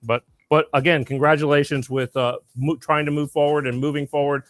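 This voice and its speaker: A man's voice: fairly high pitch, flat delivery, fairly quick. A man hosting a casual talk show, rambling through stories with lots of restarts. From Florida. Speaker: host. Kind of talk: casual chat.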